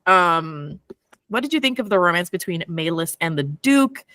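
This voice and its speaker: A woman's voice: on the low side, normal speed, dry recording, studio quality. A young woman co-hosting a book club podcast, chatting casually with friends and laughing often. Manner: animated, laughs often, excitable. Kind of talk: casual chat.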